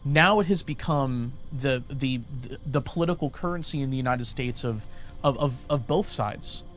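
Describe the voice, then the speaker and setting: A man speaking as a guest in a casual discussion around an outdoor fire, measured and often repeating words as he restarts. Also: medium pitch, fairly bright tone, faint music behind.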